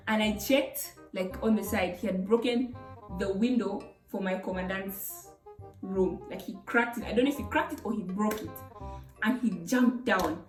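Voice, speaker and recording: A young woman from Zambia with a Zambian English accent, telling a story in an animated, exclamatory way for her vlog. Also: medium pitch, moderate pace. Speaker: YouTuber. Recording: roomy, distant mic, faint music.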